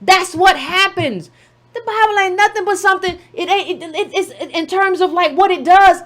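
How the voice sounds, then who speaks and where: A woman's voice: very high voice, normal speed, a bit bright. A woman giving a sarcastic political commentary monologue, full of rhetorical questions and mocking asides.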